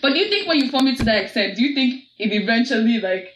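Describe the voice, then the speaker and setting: A woman's voice: a little high, expressive, quick pace, slight background noise. A young Nigerian woman with a Nigerian accent, chatting and asking questions as a podcast guest. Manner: chatty, laughing along, questioning. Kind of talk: casual chat. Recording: roomy.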